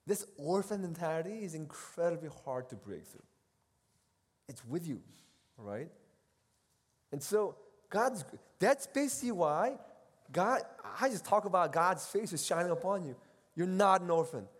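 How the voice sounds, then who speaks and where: The recording carries a long hall reverb as a middle-aged seminary professor talks casually and animatedly at a retreat. His voice sits high, his pace is moderate with frequent pauses, and he moves between loud and quiet while voicing the people he quotes.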